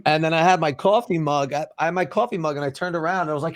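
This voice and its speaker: A man's voice: fairly high pitch, very fast, few pauses, no room sound, studio quality. A man on a streamer panel telling a casual anecdote, agreeable and chatty.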